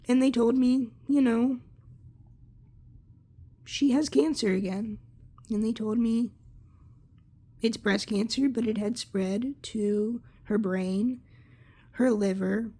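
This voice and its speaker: A young woman candidly recounting a personal story in a halting, casual way, swearing freely. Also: medium pitch, dark tone. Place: Lancaster area.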